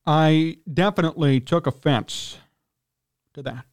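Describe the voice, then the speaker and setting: A fired-up man with a Chicago accent hosting sports talk, his voice sitting fairly high for a man. He rants with indignation, his pitch leaping up whenever he gets worked up, and he keeps clearing his throat. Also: fairly even intonation, measured pace. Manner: indignant, ranting, pitch jumps when worked up. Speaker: sports talk radio host. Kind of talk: heated sports talk rant.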